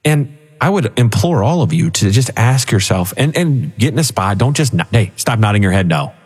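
A man co-hosting a financial radio show, telling stories with animated chat. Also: mid-range voice, moderate pace, husky, in a large hall. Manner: animated storytelling with laughs. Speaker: financial advisor co-host.

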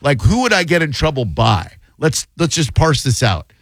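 A man's voice: fairly high pitch, big pitch swings, normal speed, a bit bright, no echo. A man hosting a radio show, sarcastic and rambling in playful studio banter. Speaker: radio host.

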